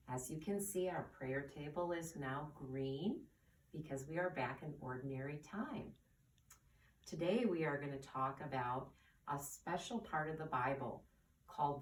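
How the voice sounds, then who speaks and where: A woman teaching young children at church, speaking gently and asking them questions. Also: sits low, a little hiss or hum. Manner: slow, soft and coaxing, asks the children questions. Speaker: children's catechist. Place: church classroom. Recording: roomy, distant camera audio.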